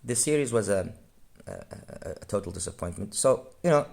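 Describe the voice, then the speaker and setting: A man with a low, gravelly voice talks through an audio gear review. He speaks frankly and rambles, often breaking off to restate a point. His delivery is loose and unscripted. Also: expressive, moderate pace, a little mellow. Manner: rambling, self-correcting, frank.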